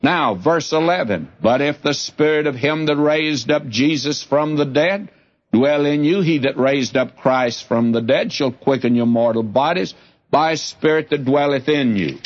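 A man's voice: on the high side, unhurried, highs cut off. A man teaching the Bible in an earnest, direct way, reading scripture aloud and then explaining it.

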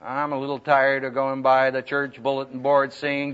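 A man giving a humorous, lively talk to students on how to preach, acting out the voices he quotes. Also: medium pitch, normal speed, few pauses, clear, resonant tone. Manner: animated, humorous, acts out quoted voices loudly. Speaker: preacher teaching speaking skills. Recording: dull lo-fi recording.

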